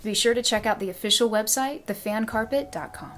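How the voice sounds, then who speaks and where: A woman's voice: fairly high pitch, a little fast, fairly bright tone, slight background noise. A woman reading a promotional channel outro in an upbeat, chirpy way. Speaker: channel announcer.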